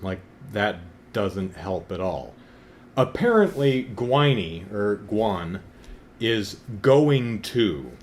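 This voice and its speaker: A man's voice: lowish voice, very animated, very slow, slight background noise. A man in his thirties talking casually in a wry, self-deprecating way, sometimes building up to exasperated emphasis. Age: 30s. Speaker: comic book reviewer. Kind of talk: casual vlog commentary.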